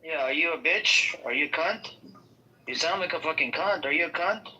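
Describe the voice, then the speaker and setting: Foul-mouthed, combative man with a bright voice. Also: on the high side, moderate pace, highs cut off. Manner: combative, profane and insulting; frequent stumbles and restarts. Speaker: participant in an audio chat room debate. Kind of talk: heated live debate.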